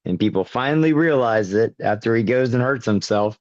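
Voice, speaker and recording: A man's voice: medium pitch, lively intonation, a little fast, darkish tone, no echo. Jokey Canadian man, dull sound. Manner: jokey, playful banter. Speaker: podcast co-host. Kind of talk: casual chat.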